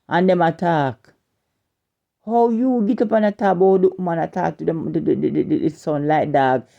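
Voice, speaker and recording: A woman's voice: deep voice, dark tone, highs cut off. A woman with a Jamaican accent delivering an indignant scolding rant as an online commentator, repeating and stumbling over her words.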